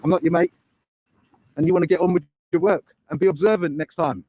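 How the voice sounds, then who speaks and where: Sarcastic high-voiced man. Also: fairly quick, darkish tone, muffled recording, a little hiss or hum. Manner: combative, sarcastic, dismissive. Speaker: auditor filming a police building. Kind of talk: confrontational street filming. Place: outdoors on a street.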